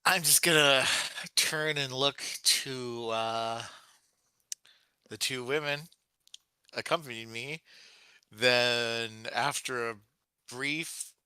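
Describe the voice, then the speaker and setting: A man playing a tabletop game, speaking in a measured way. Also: medium pitch, pushed and bright, clear, resonant tone, dry recording. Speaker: player. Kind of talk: casual tabletop play.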